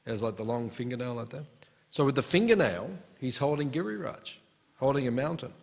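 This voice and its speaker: In a hall with a long reverb, a man leads a devotional scripture class, his medium-pitched voice expressive, fairly quick and touched with vocal fry. He tells the stories conversationally, acting out the characters' lines as asides.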